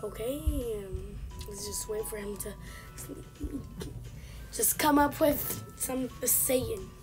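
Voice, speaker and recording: High-voiced woman commenting on a game. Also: slow pace. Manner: chatty, scolding game characters. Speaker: gaming channel host. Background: game music.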